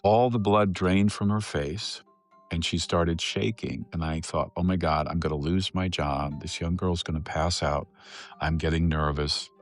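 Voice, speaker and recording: A middle-aged man, a psychotherapist, telling an earnest and emotional story in a podcast interview. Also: low-pitched. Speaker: psychotherapist guest.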